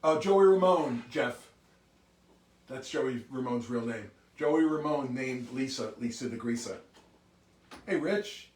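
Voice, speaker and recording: A man's voice: medium pitch, takes it slowly, long pauses, darkish tone, distant mic. A man hosting a music livestream, chatting casually and greeting viewers one by one by name. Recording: roomy sound from off mic.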